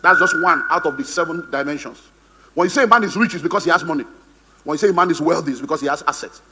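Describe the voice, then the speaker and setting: A man's voice: fairly high pitch, rapid-fire, sharp tone, husky, big-room sound. A man with a Nigerian English accent, giving a humorous, theatrical seminar talk as a motivational speaker, acting out the voices he quotes. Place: conference hall on stage.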